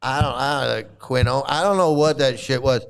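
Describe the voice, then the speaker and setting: A man chatting casually and rambling, swearing freely, often laughing and mimicking others in quick asides. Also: medium pitch, gravelly, clean tone. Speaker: streamer answering chat. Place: home in Thailand.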